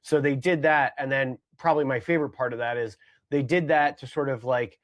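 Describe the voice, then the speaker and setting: A man's voice: medium pitch, steady tone, brisk. Man co-hosting, rambling and hedging. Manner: rambling, hedging with fillers and repeats. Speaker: podcast co-host. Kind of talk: casual comedic chat.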